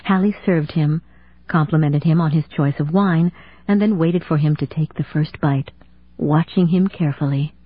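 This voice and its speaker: Brief: low-ish, husky female audiobook narrator, steady delivery, thin phone-like sound. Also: moderate pace, no room sound. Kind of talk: scripted narration. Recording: dry tinny phone-like sound.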